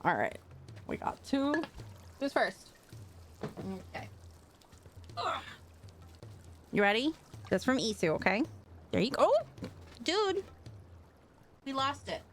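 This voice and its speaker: A woman's voice: high voice, wildly swooping pitch, takes it slowly, pauses often, a bit bright, a little hiss or hum. A woman streaming a video game, chatting casually, laughing often and talking sweetly to her pets. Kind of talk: casual live-stream chat.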